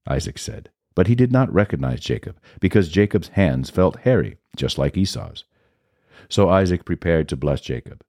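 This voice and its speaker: A man hosting a podcast, reading scripture aloud at a steady, measured pace. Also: deep voice, dry recording, studio quality.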